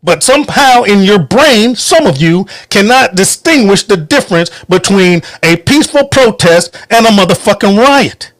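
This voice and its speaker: A man's voice: high-pitched, lively intonation, moderate pace, hardly any pauses, fairly bright tone, no room sound, studio quality. A man hosting a podcast, giving a heated, profane, emphatic political rant from home. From United States. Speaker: podcast host. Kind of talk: angry political monologue.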